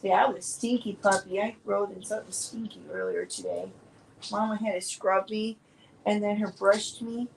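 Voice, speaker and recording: A goofy young girl puppy babbles in soft baby talk, as a woman speaks for her dog, mangling her grammar like a toddler. The voice carries a slight gravelly edge. Faint room ambience sits behind it. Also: mid-range voice, very animated, moderate pace, a little hiss or hum, poor audio. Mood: playful. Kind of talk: speaking for a pet.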